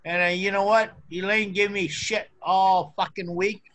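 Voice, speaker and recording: Loud foul-mouthed man on a call. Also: sits high, fairly even intonation, moderate pace. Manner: loud, crude, swears constantly. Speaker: caller on a video call show. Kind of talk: rowdy casual chat. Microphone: video call.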